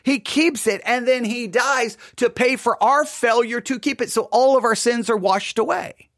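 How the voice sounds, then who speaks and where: Man, preacher, high-pitched, earnest, emphatic, stumbles and restarts, dry sound. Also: normal speed, fairly bright tone, dry recording. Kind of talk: recounting a funeral sermon.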